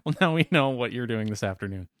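A man co-hosting a podcast in casual chat, dropping quick wry comments. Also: mid-range voice, animated, no room sound. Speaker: podcast co-host.

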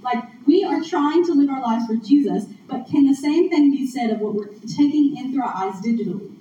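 Woman preacher, earnest and chatty, slightly high voice, captured far from the mic in a muffled, noisy, echoing hall. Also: a little fast, warm tone. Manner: conversational, earnest, laughs along with audience. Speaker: speaker at a church gathering. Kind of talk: sermon. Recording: distant echoey room mic, muffled, noisy.

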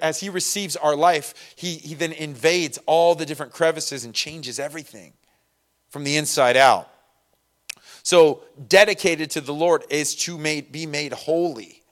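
A man preaching a relaxed, conversational sermon, full of asides and personal stories. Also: on the high side. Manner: conversational, many fillers and asides. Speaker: pastor. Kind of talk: casual sermon.

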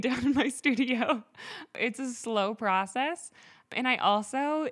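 A woman guest in a casual interview, telling her story in a chatty way full of "like" and other fillers. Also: mid-range voice. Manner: chatty, filler-heavy with frequent "like".

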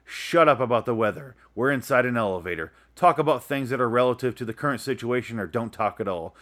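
A man's voice: medium pitch, animated, fast, fairly bright tone. Profane ranting young man. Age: 20s. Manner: profane, sarcastic, exasperated ranting. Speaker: vlogger. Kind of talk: ranting comedic monologue. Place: his room.

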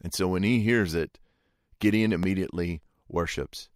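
A man with a fairly low voice preaches a sermon as relaxed storytelling. He talks in a folksy, conversational way and keeps asking the listeners to imagine the scene. The sound is dry and close. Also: moderate pace, no room sound. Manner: folksy, imagines aloud, asks listeners rhetorical questions. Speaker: pastor.

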